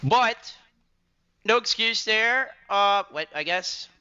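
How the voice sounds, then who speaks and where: High, sharp-toned man on dull lo-fi audio. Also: lively intonation, slight background noise. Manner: halting, hesitant, self-deprecating. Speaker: streamer. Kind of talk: apology video.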